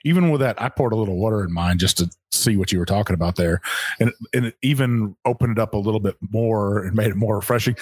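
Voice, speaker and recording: A very deep-voiced man co-hosts a podcast in a folksy, chatty way that rambles a little. His voice is husky and recorded close and dry. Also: brisk, darkish tone, dry recording. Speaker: podcast co-host. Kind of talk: casual podcast chat.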